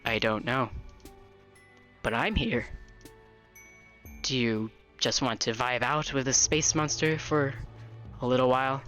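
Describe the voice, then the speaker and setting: A streamer voicing a calm, cryptic girl troll while reading a visual novel aloud, speaking slowly and low. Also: soft background music, natural voice. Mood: calm, wistful. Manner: slow, low, hushed delivery.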